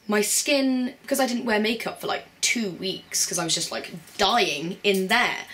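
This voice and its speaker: A woman's voice: medium pitch, fairly bright tone. A young woman, chatting casually and bubbly as a beauty vlogger. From Britain. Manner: bubbly and chatty, with playful put-on voices. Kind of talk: casual chat.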